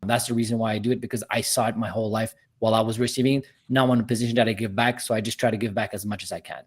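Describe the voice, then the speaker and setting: A man's voice: on the low side, fairly even intonation, racing, breathy edge. A man speaking as a podcast guest, earnest and motivational, building his points with emphasis. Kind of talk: podcast interview.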